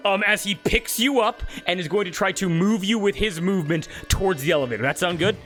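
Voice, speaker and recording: A man's voice: high voice, brisk, hardly any pauses, a bit bright, faint music behind. A man narrating a tabletop game as game master, hesitant with many fillers and restarts.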